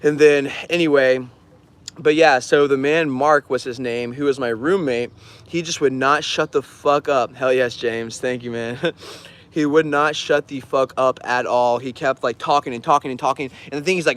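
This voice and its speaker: A man's voice: mid-range voice, steady tone, normal speed, a bit bright, clean tone. A man telling stories casually on a livestream, rambling with lots of fillers and frequent laughs. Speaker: artist streaming an auction.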